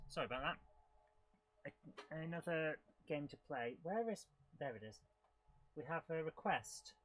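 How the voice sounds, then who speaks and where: A British man hosting a live retro gaming stream, chatting, mocking himself and beeping along as he plays. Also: fairly high pitch. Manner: chatty, self-mocking, makes beeping car noises; excitable while playing. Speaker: host. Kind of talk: live retro gameplay commentary.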